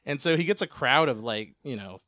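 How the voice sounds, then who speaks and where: A man's voice: medium pitch, lively intonation, brisk, bright, forceful tone, dry recording, studio quality. A man telling a long, rambling personal story as a podcast guest, laughing often and swearing freely.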